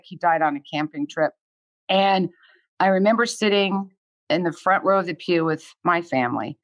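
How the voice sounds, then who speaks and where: A woman's voice: medium pitch, no echo. A woman in her sixties, a podcast guest talking candidly and earnestly, swearing freely. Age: 60s.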